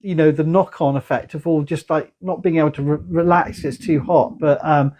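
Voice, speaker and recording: A man's voice: fairly high pitch, steady tone, warm tone. A tired man hosting a casual online chat, rambling and restarting his sentences on a video call. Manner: rambling, halting, full of restarts. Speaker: host.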